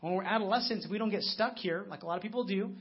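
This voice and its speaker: A man's voice: high voice, quick pace, breathy edge. A man in his thirties preaching a conversational sermon, telling stories with frequent restarts, recorded with a muffled lo-fi sound. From United States. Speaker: pastor.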